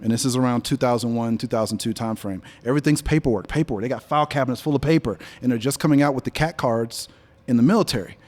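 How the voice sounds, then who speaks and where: A man in his forties tells stories to a live audience in a mid-pitched voice. He speaks in an easy, conversational way on stage and livens up when he quotes others. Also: quick pace, hardly any pauses. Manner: storytelling, animated when quoting others. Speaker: guest speaker, business leader. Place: event venue before an audience.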